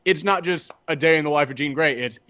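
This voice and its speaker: A man co-hosting a comic book podcast, chatting casually and acting out characters in quick voices. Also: a little high, bright, forceful tone, lo-fi sound. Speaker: podcast co-host reviewing comics. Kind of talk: casual chat.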